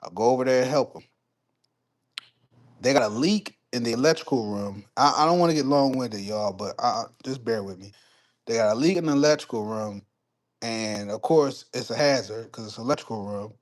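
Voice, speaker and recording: A man on a live stream casually telling a story and answering chat, swearing freely and getting heated. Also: medium pitch. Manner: profane, heated when retelling conflicts, quick asides to chat.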